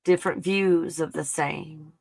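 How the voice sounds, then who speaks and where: A livestream host talking through an excited monologue, thinking aloud, bursting into exclamations and swearing under the breath. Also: medium pitch, measured pace, dry recording. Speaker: live stream host.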